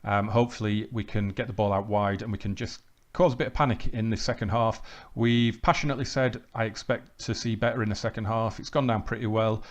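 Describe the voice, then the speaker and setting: A man's voice: fairly low pitch, brisk, few pauses. A man hosting a football management game let's play, calling the match like a commentator and chatting about his tactics. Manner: excited play-by-play, then calm chatty asides.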